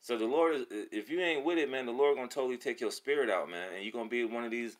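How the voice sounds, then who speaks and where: A man preaching casually and excitedly with streetwise slang and frequent swearing, reading scripture between remarks. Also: medium pitch, fast talker. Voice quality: profane, slangy speech. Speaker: religious video presenter. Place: Atlanta.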